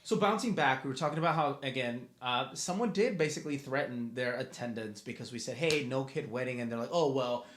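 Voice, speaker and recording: A man's voice: medium pitch, a little fast, hardly any pauses, a bit bright, slight background noise. A young man co-hosting a casual podcast, laid-back and mocking as he talks about wedding guests. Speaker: podcast co-host, fiancé. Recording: echoey room.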